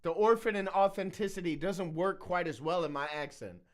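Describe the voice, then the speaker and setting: Male reaction host, fairly high voice, relaxed and halting delivery. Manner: easygoing, trails off with fillers. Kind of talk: casual reaction commentary.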